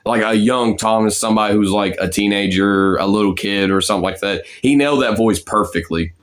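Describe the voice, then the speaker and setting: A young man talks through his voice practice in a loose, rambling way, full of fillers and false starts. His voice sits on the low side. He sounds like he is casually chatting to his viewers. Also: fairly quick. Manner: rambling, many fillers and restarts. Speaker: amateur voice impressionist.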